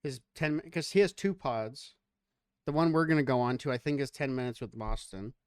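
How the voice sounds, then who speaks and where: A man's voice: mid-range voice, brisk, smooth, no room sound, studio quality. A man hosting a podcast, bantering casually with jokes and a lot of swearing. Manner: joking, profane banter. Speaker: podcast host.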